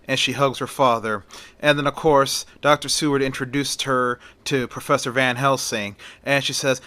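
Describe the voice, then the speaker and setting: A man retells an old horror tale in a casual, unscripted way, with fillers, giving the characters light voices. His tone is bright and forceful, and the recording is dry and close. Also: mid-range voice, normal speed, no room sound. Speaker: storyteller. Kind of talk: retelling a story aloud.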